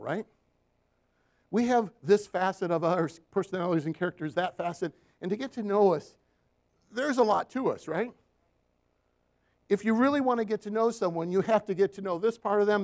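High-voiced man preaching a sermon. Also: expressive, brisk. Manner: storytelling, asks the room for "Amen?". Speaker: Christian counselor and guest preacher. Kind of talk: sermon with slides.

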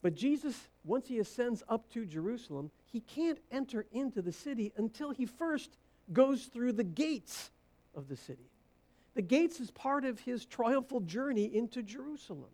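A woman preaching a sermon, stressing her points by repeating phrases and swinging from hushed low lines to loud rising bursts.

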